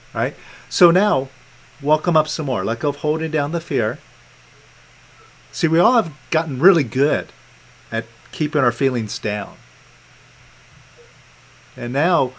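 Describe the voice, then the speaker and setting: A man guiding a client through letting go of feelings in a calm, coaxing way, repeating gentle prompts over a video call. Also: medium pitch, poor audio. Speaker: meditation coach. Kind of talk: guided release coaching session.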